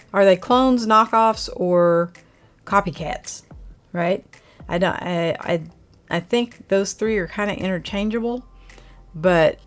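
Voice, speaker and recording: A woman from Oklahoma with a light Oklahoma twang, hosting her channel in a rambling, chatty live talk and answering viewer comments. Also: medium pitch. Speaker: channel host reviewing camera gear. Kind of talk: casual live chat.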